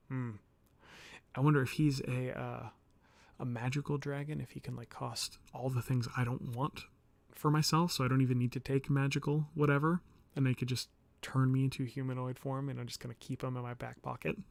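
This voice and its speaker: A man's voice: mid-range voice, dry recording. A male streamer in casual livestream commentary, chatty and rambling, reading game text aloud with frequent laughter.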